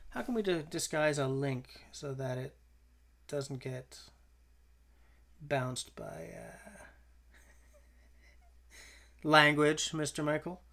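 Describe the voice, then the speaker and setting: Brief: man from Canada, live-stream host, loose rambling delivery, a gravelly rasp in the voice. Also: a little high, takes it slowly, pauses often, pushed and bright. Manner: rambling, thinks aloud, reads chat messages and reacts. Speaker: livestream host. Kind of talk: casual live-stream chat with viewers.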